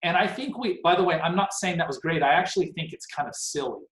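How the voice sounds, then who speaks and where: A man in his forties leads a team meeting over a video call, talking in an animated, rambling way with a self-deprecating edge. His voice sits a little high and jumps around a lot in pitch. The call sounds roomy and echoey. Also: fast talker. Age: 40s. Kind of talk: casual motivational talk on a video call.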